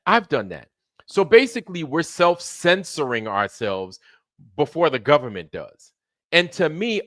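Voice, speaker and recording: A man's voice: a little high, bright, forceful tone, no echo, clean studio sound. A man hosting his own livestream, ranting casually with lots of swearing, repeating points and asking rhetorical questions. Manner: profane, repetitive and emphatic, with frequent rhetorical questions. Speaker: streamer hosting a show.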